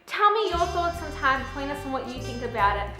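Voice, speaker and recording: A woman's voice: sits high, very animated, quick pace, music in the background. A young woman, chatting in a gushing way as she reviews a book for her vlog. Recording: echoey room.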